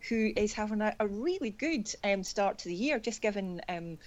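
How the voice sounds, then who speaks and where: A woman's voice: medium pitch, expressive, normal speed, darkish tone, muffled recording. A woman in a casual athletics chat, playful with many fillers. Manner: playful, hesitant.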